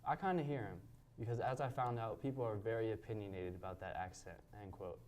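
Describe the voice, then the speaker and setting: A man's voice: on the low side, quick pace, a little mellow. A man reading news items and the lunch menu in a plain read-aloud manner. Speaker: news anchor.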